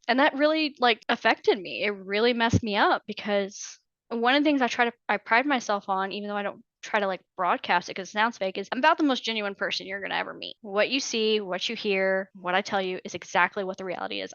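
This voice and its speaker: Bright-voiced, candid woman telling her story. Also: medium pitch, no room sound, highs cut off. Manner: candid, emphatic storytelling with quoted dialogue. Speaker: podcast guest, Navy veteran. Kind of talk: personal story in an interview.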